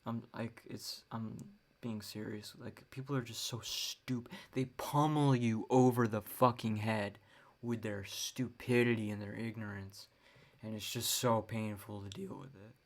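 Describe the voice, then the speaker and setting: A young podcast host speaks unhurriedly in a rumbling low, steady voice during a casual solo monologue. She's ranting and profane, with the occasional wry laugh.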